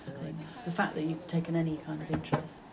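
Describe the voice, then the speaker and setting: A middle-aged British woman, the artist's mother, reminiscing fondly in a relaxed conversation, halting and restarting as she reflects. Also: low-pitched, gravelly, very noisy. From Britain.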